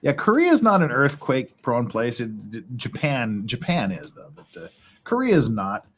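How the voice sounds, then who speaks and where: Man, casual host, rambling storyteller, mid-pitched voice, swears and laughs. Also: wildly swooping pitch, unhurried, a bit bright, a little hiss or hum. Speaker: livestream host. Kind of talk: casual chat. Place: his house in Korea.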